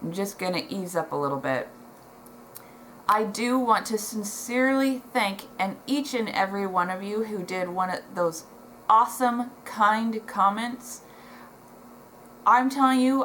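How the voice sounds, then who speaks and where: A woman's voice: medium pitch, measured pace, a bit bright, a little hiss or hum, poor audio. Emotional woman chatting to camera. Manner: emotional, heartfelt, many ums and restarts. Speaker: vlogger. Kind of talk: casual chat to camera. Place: at home. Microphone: camera in front, reading notes below it.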